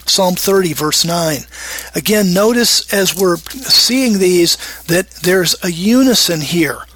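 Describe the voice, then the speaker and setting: A man's voice: high voice, expressive, slow, fairly bright tone. A middle-aged man teaching from the Bible in a sermon, emphatic, acting out prayers in a raised, pleading voice.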